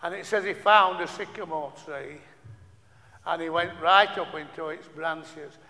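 Man, preaching, bright high voice, long hall reverb, halting restarts. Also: vocal fry. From northern England. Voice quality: repetitive, stumbling restarts, rhetorical questions to the audience. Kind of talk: sermon.

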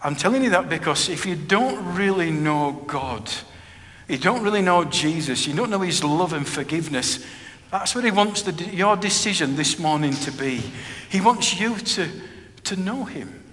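Earnest preacher, bright voice. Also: male voice, a little high, lively intonation, normal speed. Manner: earnest, plain-spoken, with frequent repetition. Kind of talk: personal testimony sermon. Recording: reverberant hall with faint background noise.

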